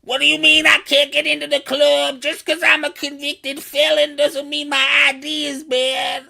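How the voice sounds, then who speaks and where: Ziro: a gravelly slug crime boss. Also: male voice, monotone, normal speed, bright, forceful tone, full character voice. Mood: indignant. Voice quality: high, gravelly. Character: flamboyant slug-like male alien crime boss.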